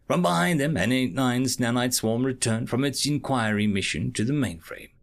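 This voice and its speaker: Man, storyteller, sci-fi reading, expressive, gravelly, lively pitch. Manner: expressive, measured narration.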